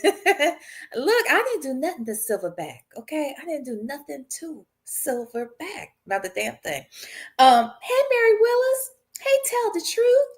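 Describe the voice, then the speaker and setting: Woman streamer shouting out her chat, high voice, slow and drawn out, very animated. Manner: animated, greets viewers by name, chuckles often. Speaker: livestream host. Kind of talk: casual live-stream chat.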